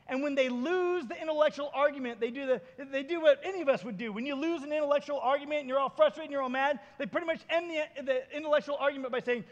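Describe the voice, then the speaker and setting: A man with a very high-pitched voice preaches a sermon and retells scripture scenes with lively, acted-out dialogue. The sound carries a long reverb, as if recorded in a large hall. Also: fast talker, lo-fi sound. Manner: animated storytelling, acting out Bible scenes. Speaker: pastor.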